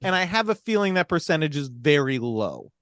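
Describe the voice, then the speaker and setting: A man's voice: on the high side, sing-song, a little fast, fairly bright tone, no echo, studio quality. A man co-hosting a casual film podcast, talking emphatically with swearing and laughs while recapping a plot. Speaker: podcast co-host.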